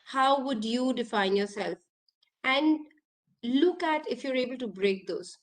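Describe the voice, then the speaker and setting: This is a woman. She speaks in a fairly high voice over a video call, leading a coaching workshop. She sounds earnest and keeps asking her listeners questions. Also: animated, measured pace. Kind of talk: online workshop talk.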